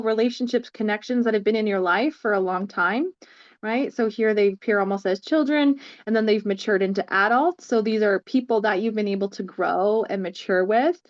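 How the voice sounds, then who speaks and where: A woman's voice: mid-range voice, dull audio. A woman co-hosting a casual chat about tarot cards, thinking aloud with many fillers. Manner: thoughtful, lots of fillers. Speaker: tarot reader and co-host.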